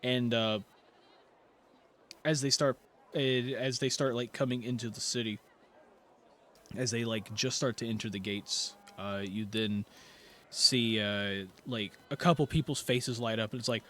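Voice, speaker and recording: Bright-voiced game master, filler-heavy. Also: male voice, mid-range voice, a little slow, pauses often, slight background noise. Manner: relaxed, filler-heavy narration. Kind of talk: narrating a tabletop game.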